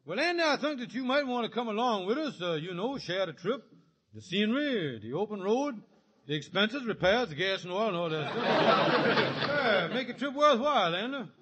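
An actor playing a scheming, fast-talking middle-aged husband in a 1950s radio comedy, wisecracking and stammering when cornered. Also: male voice, high-pitched, very animated, a bit bright. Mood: salesy. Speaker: lead comic character. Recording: scratchy old radio recording with hiss.

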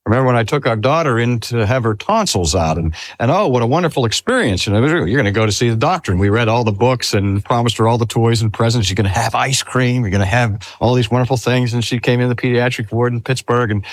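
An older man, a pastor, preaching a sermon in a slow, measured way. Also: mid-range voice, dry recording. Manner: slow, measured delivery with lively rises and falls.

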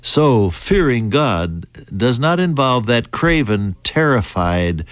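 An American man preaching a Bible teaching in a deliberate, halting way, with fillers and restarts. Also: medium pitch, big pitch swings, dry recording. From United States.

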